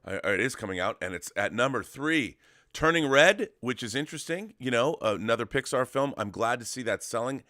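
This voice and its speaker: A man's voice: medium pitch, expressive, brisk, sharp tone, dry recording, clean studio sound. A man co-hosting a weekly talk show in casual chat, enthusiastic and rambling, with many restarts. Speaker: co-host of a weekly show about physical media. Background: dog at his feet.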